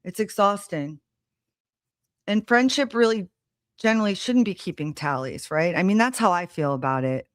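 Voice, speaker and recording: A woman's voice: mid-range voice, lively intonation, fairly quick, no room sound, clean studio sound. A woman hosting a live stream, telling a personal story in a blunt, heated, casual way, swearing freely. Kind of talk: casual monologue to a live audience. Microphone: streaming setup mic.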